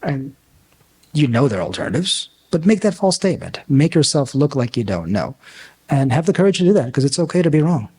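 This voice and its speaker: A man, a physician and coach, giving a talk at a summit, telling stories and acting out the people in them with big pitch swings. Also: very animated, fairly quick, mellow, husky. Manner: storytelling, acts out dialogue with big pitch swings. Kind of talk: conference talk with anecdotes.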